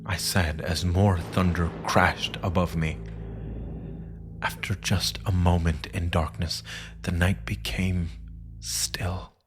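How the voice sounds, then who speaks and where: Deep, slow, husky male narrator. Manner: solemn, hushed storytelling that often sinks to a whisper. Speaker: story narrator. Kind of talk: scripted thriller narration.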